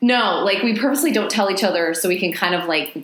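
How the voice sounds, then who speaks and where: A woman's voice: medium pitch, fast, a bit bright, echoey room. Casual, swearing Texan woman. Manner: casual, swears freely, laughs often. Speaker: podcast co-host. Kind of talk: casual chat, storytelling.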